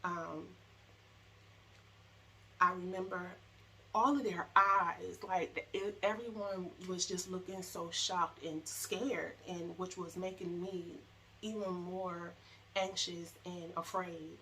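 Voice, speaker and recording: A young woman telling her own story, halting and emotional, with many fillers and restarts. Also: fairly low pitch, steady tone, bright, forceful tone, slight background noise, low-quality recording. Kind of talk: personal storytelling to camera.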